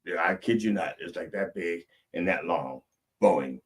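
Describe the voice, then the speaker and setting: A middle-aged man, the show's comedic preacher host, telling a rambling, animated story and swinging between loud and soft. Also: low-pitched, a little slow, husky.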